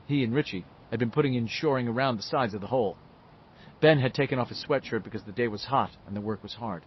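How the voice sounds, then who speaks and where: A man narrating an audiobook with a lively, expressive reading, in a slightly muffled recording with faint hiss. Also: mid-range voice. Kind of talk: scripted narration.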